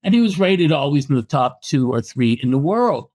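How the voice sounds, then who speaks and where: A man from Canada in middle age spins long anecdotes for an interviewer, stumbling over restarts as he goes. His voice sits somewhat high for a man, and he performs the quoted lines in his stories with real animation. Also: sing-song, moderate pace, a little mellow. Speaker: boxing historian and author. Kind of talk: storytelling in a podcast interview.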